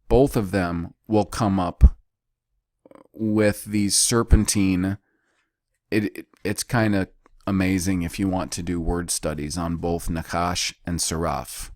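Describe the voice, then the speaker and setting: A man with a deep, low, slightly mellow voice leads a Bible study unhurriedly, teaching deliberately with pauses between phrases and repetition of key words. The recording is close and dry, with no room sound.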